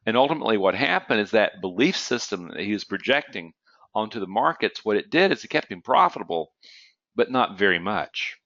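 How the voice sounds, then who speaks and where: Speaking brisk and very animated, this man has a lowish, fairly bright voice. He's lecturing online about trading psychology, telling stories in a chatty way, asking "okay?" often and coughing occasionally. The recording is dry, with the highs cut off.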